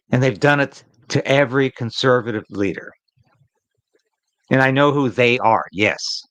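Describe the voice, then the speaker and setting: A man's voice: medium pitch, unhurried, a bit bright, dry recording, poor audio. A man hosting a live political commentary stream, talking in an emphatic, opinionated way and repeating phrases to drive a point home.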